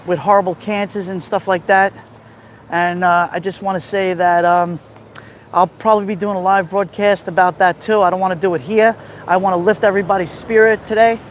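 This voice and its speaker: A man's voice: high-pitched, slight background noise. A man vlogging outdoors, out of breath, talking emphatically and repeating himself to his viewers. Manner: emphatic, repetitive, addresses viewers directly. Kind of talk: walking vlog monologue. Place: outdoors on a city street near a beach.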